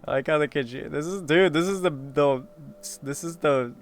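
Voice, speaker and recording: A man's voice: fairly high pitch, faint music behind. A man giving casual, rambling gameplay commentary, joking and swearing freely. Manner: rambling, joking, profane, quick to laugh. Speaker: streamer playing a game.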